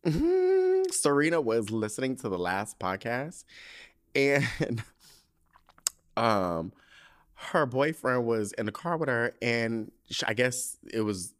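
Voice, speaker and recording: A man's voice: mid-range voice, sing-song, takes it slowly. A man hosting a casual solo podcast into a microphone, rambling and emotional and swearing freely as if he were on the phone. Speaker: podcast host.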